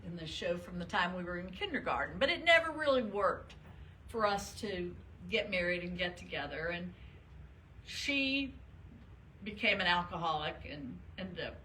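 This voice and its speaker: An older woman from the northern United States, a retired state supreme court justice appearing as a guest speaker, gives a chatty, self-deprecating talk and fields audience questions, laughing often. Her voice is fairly low with a sharp tone. The recording is low quality, with slight background noise.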